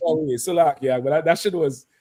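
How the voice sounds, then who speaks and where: A man's voice: a little high, fast, warm tone. A man hosting a live talk show in loose, casual chat, laughing often and swearing freely. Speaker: host.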